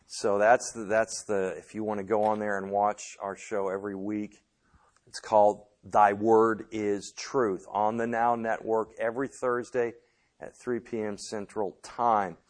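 A man teaching a Bible study lesson in a classroom with a board, speaking in a measured way and often pausing with filler sounds. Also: on the low side.

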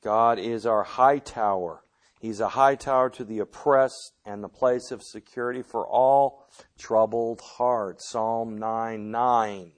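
A man teaching the Bible at an unhurried, deliberate pace, his voice sitting at an ordinary middle pitch. He speaks in a measured way, often pausing on small filler sounds as he gathers his points. He is teaching a lesson in a classroom with a board.

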